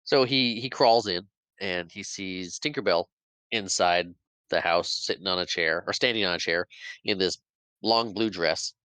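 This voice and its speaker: A deep-voiced man hosts a casual podcast and walks through a film scene by scene. His voice is smooth and clear with a bright edge, and he jumps into little impressions of the characters between laughs. The sound is dry and close. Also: measured pace, no echo. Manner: animated retelling, acts out quotes, laughs often. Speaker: podcast host. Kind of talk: casual movie recap chat.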